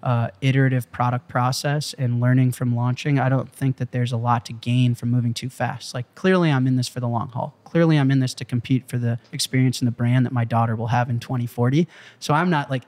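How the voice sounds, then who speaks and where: A man as an interview guest, telling a story with excitable, profane emphasis in a casual way. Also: medium pitch, brisk. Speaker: interview guest, company CEO. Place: Malibu.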